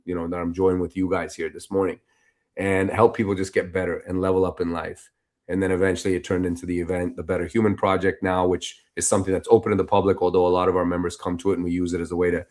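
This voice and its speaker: A man with a low, deep voice, speaking as a podcast guest. He tells his story casually and with energy, leaning on easy filler phrases as he goes. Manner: animated, loose and conversational, full of "you know" and "like".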